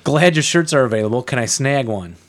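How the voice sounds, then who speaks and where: A friendly Texan fan speaks in an exaggerated Southern US drawl, as a man reads his letter aloud and puts on the accent. The drawl is broad and a touch higher than the man's usual pitch. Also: expressive, brisk, natural voice. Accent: Southern US, put on. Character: male Texan letter writer, friendly and chatty.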